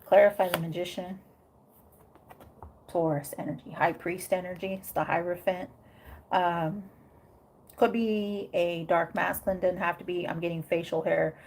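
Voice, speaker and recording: A woman's voice: on the low side, fairly even intonation, normal speed, long pauses, a little mellow, a little hiss or hum. A woman giving a casual tarot reading, thinking aloud with many fillers and frequent "okay?" check-ins. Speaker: tarot reader.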